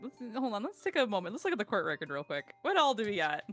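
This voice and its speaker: A woman streamer chatting casually while playing a game, quick and excitable, swearing freely. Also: medium pitch, faint music behind.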